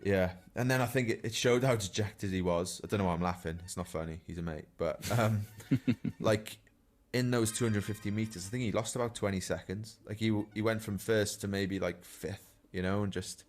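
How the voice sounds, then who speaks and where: A man with a fairly low voice chats casually on a podcast, telling stories from professional cycle racing. He speaks in a relaxed, anecdotal way and often chuckles at his own tales. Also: moderate pace, hardly any pauses. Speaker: professional cyclist, podcast regular.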